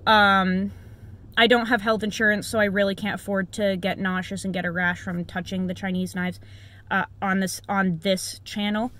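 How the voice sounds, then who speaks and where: A woman's voice: medium pitch, little pitch movement, normal speed, a bit bright, slight background noise. A young adult woman vlogger from the United States chatting casually to camera, blunt and rambling, with frequent filler words and casual swearing. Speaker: knife reviewer and vlogger.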